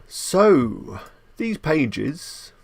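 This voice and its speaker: A man's voice: a little high, very animated, extremely slow, vocal fry, husky. A man hosting a casual live stream, chatting loosely as he reads out viewer comments and answers them, with jokey, self-amused asides.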